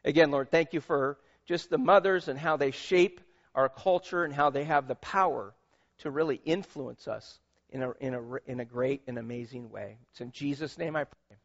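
A man's voice: mid-range voice, moderate pace, dull audio. A man preaching a sermon as pastor, emphatic and conversational, with asides to the congregation.

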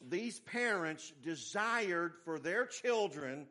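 A man's voice: high-pitched, animated, slow, bright, forceful tone. Folksy preacher man, emphatic. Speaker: pastor. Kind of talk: sermon.

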